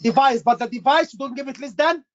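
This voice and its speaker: A man's voice: extremely high pitch, fast, a bit bright, lo-fi sound. A man tutoring students for a medical exam, emphatic and repeating his words. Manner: emphatic, repeats words, says "brother" often. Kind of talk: online teaching session.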